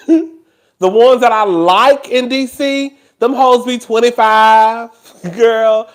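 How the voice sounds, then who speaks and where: A man from Houston, hosting a casual chat to camera in an animated, gossipy way and laughing often. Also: very high voice, takes it slowly. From Houston, Texas. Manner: animated and gossipy, laughs often, addresses listeners as "girl" and "child". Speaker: host.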